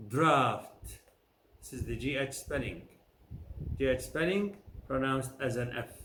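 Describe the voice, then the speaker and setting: A man teaching pronunciation, saying each word slowly and clearly, then repeating the whole list. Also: mid-range voice, fairly bright tone. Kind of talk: slow drilled word lists. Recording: echoey room with faint noise.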